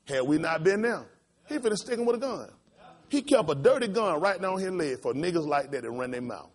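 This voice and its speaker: Impassioned preacher with a lively, swooping voice. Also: male voice, brisk. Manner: impassioned storytelling, swinging between loud high outbursts and low quiet asides. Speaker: pastor. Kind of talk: sermon.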